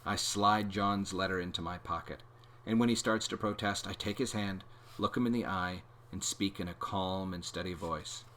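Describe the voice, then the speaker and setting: A man reading a children's book aloud as host, with expressive, animated storytelling. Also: low voice, moderate pace, a little hiss or hum.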